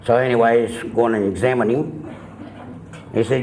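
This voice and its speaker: A man's voice: mid-range voice, normal speed, pauses often, darkish tone, slight background noise, low-quality recording. A man telling crude jokes in a rambling, folksy way, swearing freely. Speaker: joke teller. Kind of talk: casual storytelling of crude jokes. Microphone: filmed by a camera operator.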